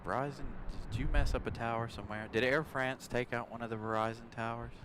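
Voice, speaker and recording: A man's voice: medium pitch, fairly even intonation, fast. A man hosting a casual live stream from an airport, chatting and laughing with viewers, recorded on a phone outdoors. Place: outdoors by an airport on a windy day. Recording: loud outdoor wind noise. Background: loud wind and vehicle noise.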